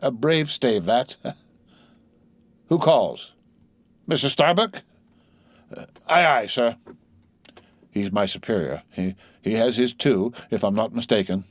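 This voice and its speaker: A man's voice: mid-range voice, slow pace, pauses often, no room sound. A man voicing a merry, tipsy male sailor who talks in a giddy sing-song. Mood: jaunty.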